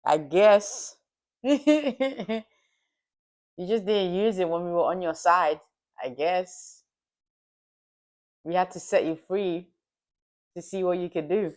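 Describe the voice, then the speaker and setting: A woman's voice: fairly low pitch, takes it slowly, long pauses, a little mellow. A woman hosting a live stream, chatting casually and teasing her friends with plenty of laughter. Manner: playful, teasing, laughs often. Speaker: livestream host. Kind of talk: casual chat.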